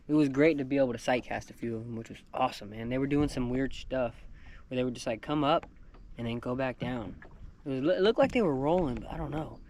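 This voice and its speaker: A young man talking casually and excitedly to an action camera, outdoors on the water. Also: mid-range voice, slight background noise. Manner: excitable, hyped, slangy. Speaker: fishing vlogger. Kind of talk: casual vlog commentary.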